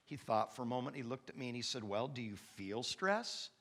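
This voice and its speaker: A man in his fifties preaching a sermon as pastor, an animated storyteller who acts out the dialogue with big comic outbursts. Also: medium pitch, a little fast. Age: 50s. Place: church sanctuary.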